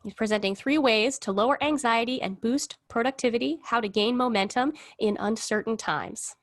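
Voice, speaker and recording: A woman host reading a measured, scripted introduction of a speaker. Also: fairly high pitch, dry recording, clean studio sound. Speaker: event host.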